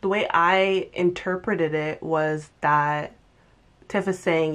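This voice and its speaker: Chatty woman with a low voice. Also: takes it slowly. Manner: chatty, animated, acts out quotes in exaggerated voices. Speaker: TV recap vlogger. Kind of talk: casual commentary.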